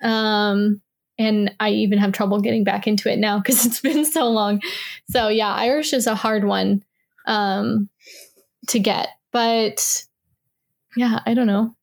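A woman's voice: mid-range voice, steady tone, unhurried, vocal fry. A woman co-hosting a casual review chat, thinking aloud as she talks. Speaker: podcast co-host.

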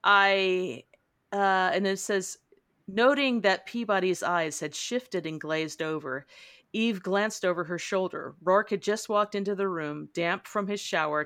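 A woman's voice: on the low side, a bit bright. A woman hosting a casual book club podcast. She chats, reads passages aloud and laughs often. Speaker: podcast host.

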